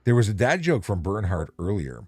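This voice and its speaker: A man's voice: on the low side, sing-song, fairly quick, a little mellow, slightly rough, no echo, studio quality. A man hosting a casual livestream, chatty and joking, laughing easily. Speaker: show host.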